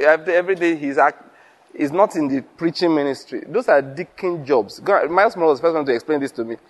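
Pitched on the high side and moving at a quick clip, a man preaches to his fellow pastors. He tells spirited stories, acts out the exchanges, and laughs frequently.

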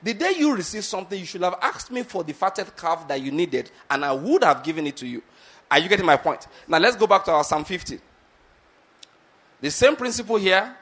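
A man with a fairly high voice delivers a sermon, retelling a Bible story. He keeps checking that his listeners follow, asking again and again whether they are getting his point. He speaks the characters' lines himself, slowing down for emphasis. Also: expressive, a bit bright. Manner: repeatedly asks the audience if they get the point; acts out Bible characters' lines with shifts in pace. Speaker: preacher.

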